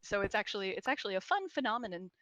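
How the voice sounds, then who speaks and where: A woman's voice: medium pitch, big pitch swings, racing, sharp tone, a little hiss or hum, low-quality recording. A woman from Scotland, an archaeologist, in casual chat, explaining at length with laughs. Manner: chatty and explanatory, with frequent laughs.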